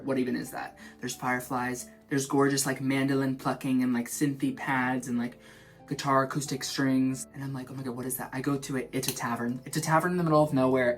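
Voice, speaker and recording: A young man vlogging in his shower, rambling in an animated, self-mocking way. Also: mid-range voice. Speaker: vlog host. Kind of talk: rambling stream-of-consciousness chat. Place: in the shower at home.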